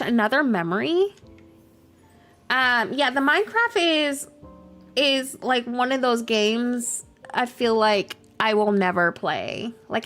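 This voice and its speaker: A woman's voice: medium pitch, fairly bright tone. A young adult woman streaming a game, chatting casually with viewers, full of fillers, laughing often and reading chat aloud. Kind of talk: casual livestream chat while gaming. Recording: faint music behind.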